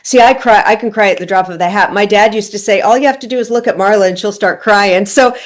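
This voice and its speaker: A woman's voice: mid-range voice, quick pace. A woman in her sixties hosting an interview, talking openly and personally as she asks about her own experience. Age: 60s. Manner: open, personal, searching. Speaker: podcast host. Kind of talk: conversational interview.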